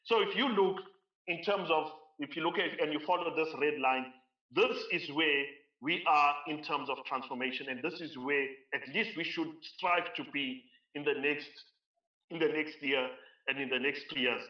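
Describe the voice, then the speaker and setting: A man's voice: fairly high pitch, normal speed. A South African man giving a conference keynote speech, emphatic and driving points home by repeating phrases. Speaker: keynote speaker. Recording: roomy, distant, dull lo-fi sound.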